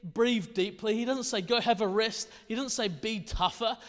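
A man's voice: high-pitched, normal speed, fairly bright tone. A man preaching a sermon in a conversational way, firing off rhetorical questions. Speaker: pastor. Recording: long reverb of a large hall.

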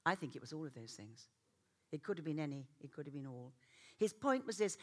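A woman's voice: deep voice, very animated, brisk. A middle-aged woman delivers a sermon with great animation. Her voice rises and falls over a wide melodic range. She mixes earnest points with self-mocking humour and frequent laughter. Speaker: preacher.

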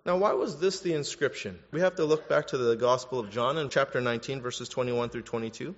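A man preaching a sermon as a pastor, growing animated and louder to stress his points. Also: brisk, few pauses. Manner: animated, rises in pitch and volume for emphasis. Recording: dull lo-fi sound with long hall reverb.

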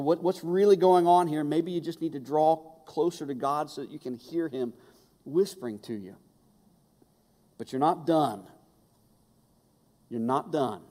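A man's voice: medium pitch, moderate pace, pauses often, warm tone. A man preaching a sermon, emphatic and impassioned, hammering his points home by repeating key phrases. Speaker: pastor. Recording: long hall reverb.

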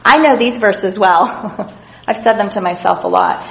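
A woman's voice: mid-range voice, unhurried, creaky, fairly bright tone, low-quality recording. A woman giving an earnest, reflective devotional Bible teaching, reading scripture passages aloud as she goes.

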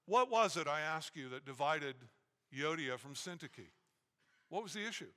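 Emphatic preacher in an echoey hall. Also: male voice, on the high side, expressive, a bit bright. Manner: emphatic preaching with dramatic pauses. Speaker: pastor. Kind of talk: sermon.

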